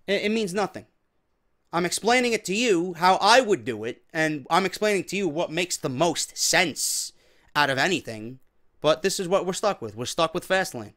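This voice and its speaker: Male host, high voice with a sharp edge, swears constantly, exasperated rant. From New York. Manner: profane, exasperated ranting. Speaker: wrestling show host. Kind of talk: ranting commentary.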